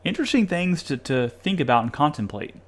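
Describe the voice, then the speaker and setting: A man hosting a podcast, reading passages aloud and commenting in an animated, sarcastic way with occasional laughs. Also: a little high, brisk. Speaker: podcast host reviewing a study article.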